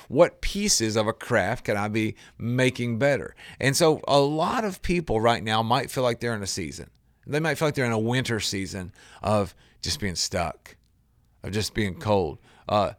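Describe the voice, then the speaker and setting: A man's voice: mid-range voice, dry recording. Dry-sounding male radio host. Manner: conversational, anecdotal, with restarts and light laughs. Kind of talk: reflective radio talk.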